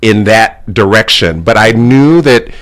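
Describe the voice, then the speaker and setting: A man in his forties from the southern United States, a guest on a radio show, speaking in a measured, polished broadcaster style. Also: fairly low pitch, animated, a bit bright. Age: 40s. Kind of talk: radio interview.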